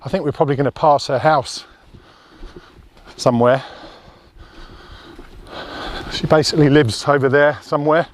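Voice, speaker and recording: A man's voice: on the high side, steady tone, fairly quick. Chatty man vlogging outdoors. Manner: chatty and rambling, talks while walking. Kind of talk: casual chat to camera. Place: outdoors on a country road. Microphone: handheld camera.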